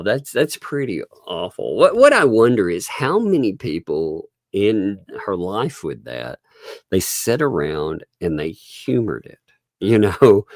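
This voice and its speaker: Low gravelly man. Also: darkish tone, dry recording. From Oklahoma. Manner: rambling, chuckles often, thanks viewers. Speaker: livestream host. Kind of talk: casual live stream chat.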